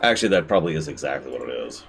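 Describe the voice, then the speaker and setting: A man giving live gameplay commentary as a streamer, talking to the game and swinging between shouted outbursts and low mutters. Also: expressive, rapid-fire, faint music behind.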